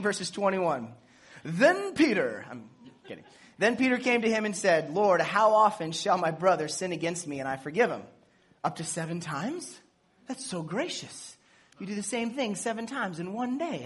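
Male pastor, fairly high husky voice, lively sermon delivery with playful asides. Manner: animated, playful asides, acts out dialogue.

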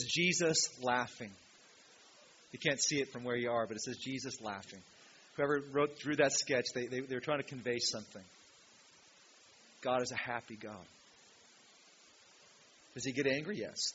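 A male pastor preaching a sermon in a church, emphatic, swinging from loud, ringing peaks to quiet asides. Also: medium pitch, normal speed, long pauses. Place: church hall with a projection screen. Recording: dull lo-fi sound with faint hiss.

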